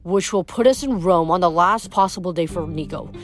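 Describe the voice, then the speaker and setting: A woman reading aloud, voicing a serious teenage boy demigod in a grave, measured way. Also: lowish voice, faint music behind, natural voice.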